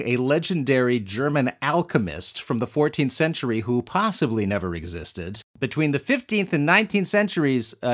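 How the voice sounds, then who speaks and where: A man hosting a history podcast in casual chat, playful and animated, quick to laugh. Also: mid-range voice. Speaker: podcast host.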